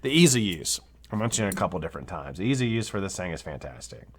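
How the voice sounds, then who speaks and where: A man's voice: deep voice, very animated, fast, husky. A man hosting a live vape review show, talking casually and enthusiastically and swearing freely.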